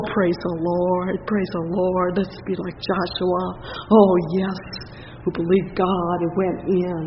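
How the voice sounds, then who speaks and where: A man's voice: sits high, recorded from a distance, slight background noise. A man preaching and praying fervently in a church service, often exclaiming "oh" and "praise the Lord". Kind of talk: sermon and prayer. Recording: dull lo-fi church recording with long reverb.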